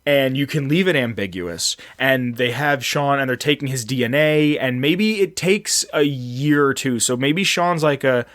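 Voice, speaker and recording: A man's voice: mid-range voice, animated, a little slow, few pauses, a bit bright, dry recording. Rambling man on a podcast, dry mic. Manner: rambling, many fillers and restarts. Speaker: podcast co-host. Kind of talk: casual podcast chat.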